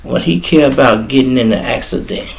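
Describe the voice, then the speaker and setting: A man's voice: mid-range voice, a little fast, gravelly, rough recording. A middle-aged man hosting his own show, telling stories in a loose, profane, chatty way. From Chicago. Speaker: podcast host. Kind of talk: casual storytelling.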